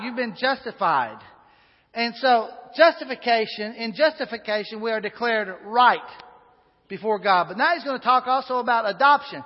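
A man's voice: extremely high pitch, normal speed. A man preaching a sermon in a church, folksy and chatty, with asides and fillers. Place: church sanctuary. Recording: dull sound with long hall reverb.

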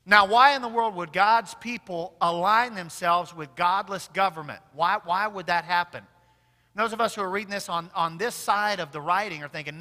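A male pastor with a high, bright, ringing voice. He preaches in a church sanctuary, rising to loud emphatic peaks and then dropping to hushed asides. The voice trails off into a long hall reverb. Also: moderate pace. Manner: swings from loud emphatic declarations to quiet intimate asides. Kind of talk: sermon.

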